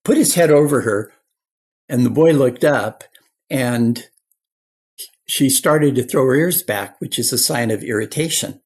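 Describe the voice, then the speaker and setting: An older man, a clinical psychologist, appears as an interview guest and earnestly tells anecdotes. His voice is medium-pitched, a little mellow, and husky, with a measured pace and frequent pauses.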